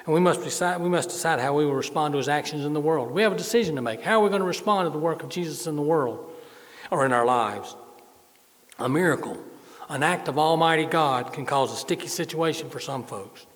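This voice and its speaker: A man's voice: fairly high pitch, brisk. Man preaching in a reverberant hall. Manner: repeats phrases for emphasis, folksy humor. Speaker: pastor. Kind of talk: sermon.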